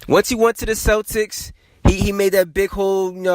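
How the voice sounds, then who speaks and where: A man hosting a sports podcast, talking in a casual, animated and emphatic way, often repeating himself. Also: high voice, a little fast, dry recording. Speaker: podcast host.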